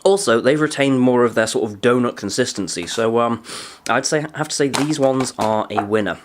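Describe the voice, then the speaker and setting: A man's voice: medium pitch, moderate pace, slight background noise. A young man giving a casual, dry-humoured food review, often talking while chewing. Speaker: food vlogger.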